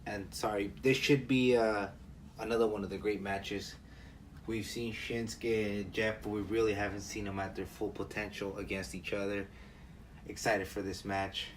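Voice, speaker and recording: A man with a lowish voice co-hosts a podcast in casual chat. He chips in with short, agreeable remarks. He sits a little away from the mic, and faint noise runs under him. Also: level tone, moderate pace, recorded from a distance. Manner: agreeable, brief interjections. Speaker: podcast co-host.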